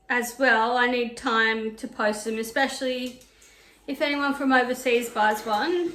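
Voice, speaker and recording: A woman's voice: fairly high pitch, a bit bright, slight background noise. A woman vlogging about knitting and sewing, telling a story in a chatty, digressive way while ironing at home. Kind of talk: casual chat. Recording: echoey room.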